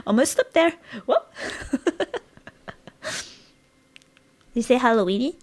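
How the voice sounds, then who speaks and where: A woman's voice: sits high, very animated, slow, pauses often. Casting note: woman streamer, giggly and playful, casual gaming chatter. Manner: giggly, laughs often, playful. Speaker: live streamer. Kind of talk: casual live-stream chat while gaming.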